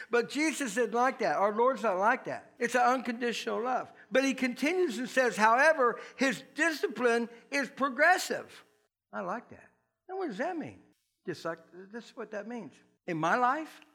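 High-voiced male pastor preaching. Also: fairly bright tone. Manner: conversational, chuckling, acts out quoted voices. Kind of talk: sermon.

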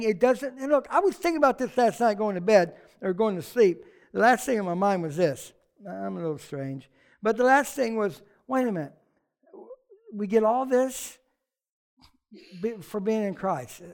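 Animated, joking preacher. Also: mid-range voice, creaky. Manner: conversational and animated, with jokes and asides. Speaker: pastor. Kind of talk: sermon.

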